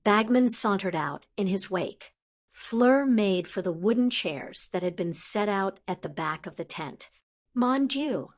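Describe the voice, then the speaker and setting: A woman's voice: medium pitch, a little slow. Woman reading a fantasy audiobook. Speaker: audiobook narrator. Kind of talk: fanfiction audiobook narration.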